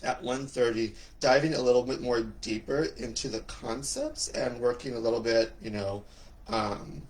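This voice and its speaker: A man's voice: mid-range voice, fairly even intonation, normal speed. A middle-aged man hosting a casual livestream, joking and campy, greeting viewers by name with big upward swoops in his voice. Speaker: livestream host and coach.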